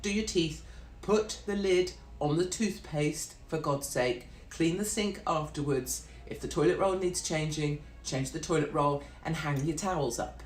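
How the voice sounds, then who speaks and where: Low-pitched and darkish in tone, a middle-aged British woman rants on a live stream at a measured pace. Her monologue is brash, sweary and sarcastic, and the room gives it an echo.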